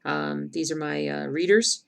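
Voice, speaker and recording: Very gravelly middle-aged woman streamer. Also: low voice, unhurried. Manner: chatty, rambling, answers viewer comments aloud. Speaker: cross-stitch streamer. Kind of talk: casual live-stream chat.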